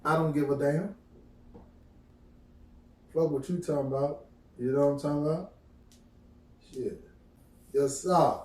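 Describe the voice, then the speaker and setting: A man's voice: fairly high pitch, unhurried, long pauses, far from the mic. A middle-aged man, casually telling profane stories to his viewers and acting out the quotes. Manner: animated storytelling, profane, acts out quotes. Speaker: vlogger. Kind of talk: casual storytelling to camera. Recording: echoey room, voice off-mic.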